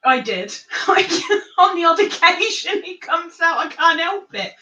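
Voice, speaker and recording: A woman's voice: extremely high pitch, big pitch swings, unhurried, pushed and bright, highs cut off. A woman hosting a casual live chat, quizzing her viewers in a chatty, giggly way. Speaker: host. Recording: echoey room.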